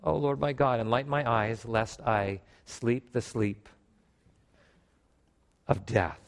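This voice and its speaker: A man preaching a sermon to a congregation, animated, with emphatic rises and calls for response in a church. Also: mid-range voice, slow pace, vocal fry. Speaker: pastor.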